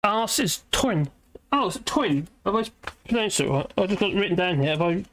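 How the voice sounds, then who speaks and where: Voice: mid-range voice, expressive, brisk. A British livestream host chatting in a rambling way, reading viewer comments aloud and laughing often. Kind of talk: rambling live chat.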